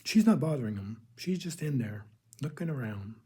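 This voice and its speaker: A man with a husky, somewhat breathy voice tells a spiritual testimony. His tone is dark and mellow, and his delivery is earnest and halting, with frequent restarts as he speaks straight to his listeners as "people". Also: mid-range voice, sing-song. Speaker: religious video host.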